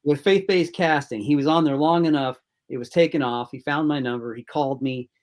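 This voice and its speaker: A man's voice: fairly high pitch, steady tone, a little fast, darkish tone. Man telling a casting story. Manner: rambling anecdotes with acted-out quotes. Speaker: film director, interview guest. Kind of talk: casual interview storytelling.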